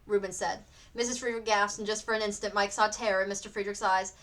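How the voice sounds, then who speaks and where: A woman teacher reading a novel aloud for students in an expressive storybook narration. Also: medium pitch, fast talker. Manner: expressive, acts out the characters.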